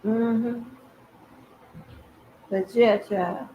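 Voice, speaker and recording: A woman's voice: on the high side, fairly even intonation, extremely slow, dark tone, a little hiss or hum. A woman hosting a casual commentary stream, chatty and profane, talking straight to her viewers. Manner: chatty, addresses viewers directly, swears freely. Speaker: commentary channel host. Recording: echoey, slightly muffled room audio.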